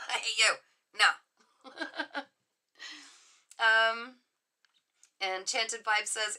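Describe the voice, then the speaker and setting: Middle-aged woman psychic hosting a live stream; bright, forward voice, emphatic and reassuring. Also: on the high side. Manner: warm, encouraging, emphatic with frequent laughs. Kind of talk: live-stream chat reading out viewer comments.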